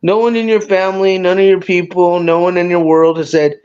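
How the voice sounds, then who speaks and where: High-voiced man teasing on a livestream. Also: level tone, brisk, darkish tone, smooth. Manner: teasing, profane, laughs often. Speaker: livestream host. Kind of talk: casual livestream chat. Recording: dull lo-fi stream audio.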